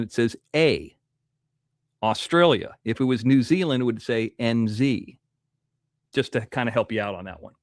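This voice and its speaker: A man's voice: mid-range voice, no echo, clean studio sound. A man hosting a casual livestream, rambling as he reads out viewer donations while nursing a toothache. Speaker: livestream host.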